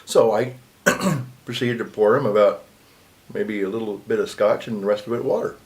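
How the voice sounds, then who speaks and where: A Catholic priest with a somewhat low voice tells a personal story straight to the camera. He speaks casually, punching some words loudly and dropping others almost to a murmur. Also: moderate pace. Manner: conversational, swinging between loud and hushed.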